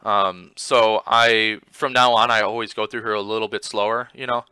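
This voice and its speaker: A man casually commenting on his own motorcycle footage, rambling with lots of fillers and getting excited as he retells it. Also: fairly low pitch, normal speed, smooth, no echo. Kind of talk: casual commentary over video.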